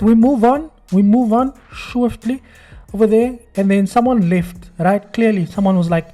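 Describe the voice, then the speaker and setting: A man's voice: high-pitched, a little slow, mellow, faint music behind. A man hosting a trading video, giving sarcastic, mocking commentary and acting out other people's voices. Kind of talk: screen-recorded commentary.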